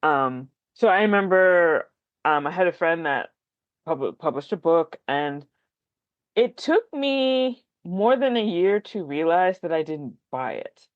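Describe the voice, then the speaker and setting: A candid writer rambles through a casual podcast chat, dotting every thought with likes and ums and gently putting themselves down. The sound is dull and lo-fi, with a dry room that gives back no echo. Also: medium pitch, expressive, slow pace. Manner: self-deprecating. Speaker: podcast guest, fellow writer.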